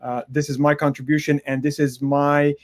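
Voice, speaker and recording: A man's voice: fairly high pitch, level tone, normal speed. A man co-hosting a casual talk show, explaining things hesitantly with many ums and uhs.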